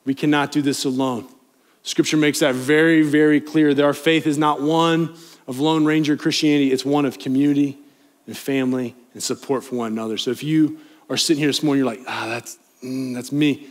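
A man's voice: fairly high pitch, steady tone, fairly quick. A young man, a youth pastor, preaching a sermon in a church in an earnest, conversational way, pleading and rising in emphasis. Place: church sanctuary, live congregation.

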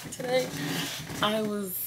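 A woman's voice: medium pitch, very noisy. Chatty woman vlogging at home. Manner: chatty and heartfelt, retelling with quoted dialogue. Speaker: vlogger, work-from-home mom. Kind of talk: casual faith vlog chat. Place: at home, sitting on the bed.

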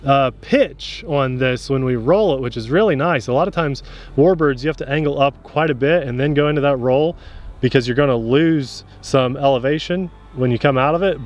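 A man's voice: on the high side, animated, normal speed. A young adult man, chatty and easygoing, explains what he is doing as he flies a model plane at an outdoor field. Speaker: RC pilot and channel host. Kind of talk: casual outdoor flying commentary.

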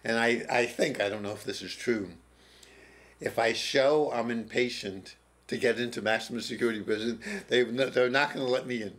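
An older man being interviewed in a TV studio, slowly telling a personal story with pauses and restarts. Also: medium pitch, fairly even intonation, fairly bright tone. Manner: slow, halting, with pauses and restarts. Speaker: interview guest, former prison teacher. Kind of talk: reflective storytelling.

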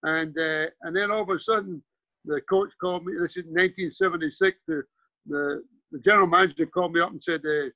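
A man's voice: a little high, steady tone, brisk, sharp tone, no echo, muffled recording. A Scottish man in his seventies, a former player and coach, telling rambling anecdotes in a casual interview. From Scotland. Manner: rambling anecdotes with frequent restarts and "you know".

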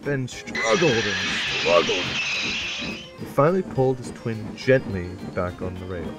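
A man narrating a children's storybook in an expressive, lively storytelling manner. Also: fairly low pitch, unhurried. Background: music.

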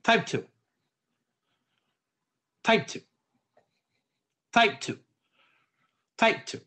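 A man leads a Torah study class, his voice high and bright as he explains. He talks slowly, with a lively pitch that swings up and down, and he keeps turning to his listeners with questions. He often repeats or restarts a phrase before going on. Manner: quizzes the audience with frequent questions. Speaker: rabbi teaching a class. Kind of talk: Torah study lesson with modern analogies.

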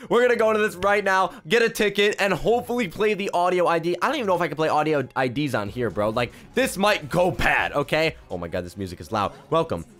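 Hyped young guy with a high voice. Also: fast, hardly any pauses. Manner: energetic, slangy, keeps saying "bro" and "guys". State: has a cold. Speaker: YouTuber. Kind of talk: hyped gameplay commentary.

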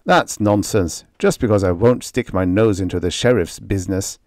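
A man's voice: deep voice, normal speed, darkish tone, dry recording, studio quality. A man voicing a defensive, stubborn rancher husband in an audiobook reading.

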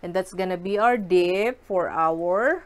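Slow-talking excitable woman cooking. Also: fairly low pitch. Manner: excitable, giggly, addresses viewers as guys. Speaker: cooking vlogger. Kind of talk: casual cooking chat to viewers. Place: home kitchen.

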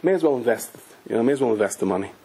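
A man voicing a frightened man running from trouble, hurried and fretful. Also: medium pitch, animated, warm tone, slight background noise, voice pushed down, lightly acted, low-quality recording. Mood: anxious. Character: frightened man on the run, anxious.

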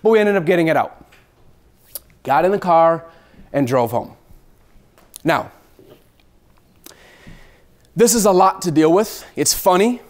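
A man telling a personal travel story, acting out scenes with lively shifts and the occasional swear word. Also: on the high side, a little slow, long pauses.

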